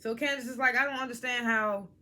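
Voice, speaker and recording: Fast and mid-range, a vlogger's voice runs through a casual, blunt review of a reality TV episode. They quote cast members, acting out what was said, while staying animated and swearing freely.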